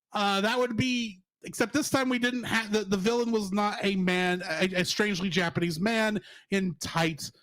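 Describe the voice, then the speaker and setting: A man's voice: high-pitched, steady tone, a little slow, a bit bright, no echo. A man co-hosting a casual cartoon review podcast, joking and laughing often as he talks. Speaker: podcast co-host.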